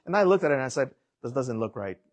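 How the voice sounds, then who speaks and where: A young adult man preaching, telling a personal story in an animated way and acting out the voices in it. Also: medium pitch, quick pace, no echo. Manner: animated storytelling, acts out quotes.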